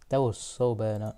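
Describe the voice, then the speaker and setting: A man's voice: on the low side, warm tone, clear, resonant tone. A teenage boy hosting a casual podcast interview, asking rambling questions full of fillers. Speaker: host.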